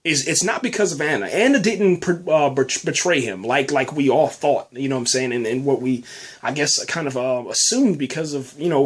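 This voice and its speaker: A man's voice: on the high side, breathy edge. A man hosting a casual review podcast, rambling with lots of fillers and restarts and saying "man" a lot. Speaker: podcast host reviewing a TV episode.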